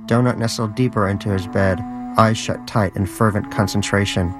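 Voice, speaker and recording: Wry low-voiced male narrator. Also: fairly even intonation, normal speed, music in the background. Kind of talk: audiobook narration.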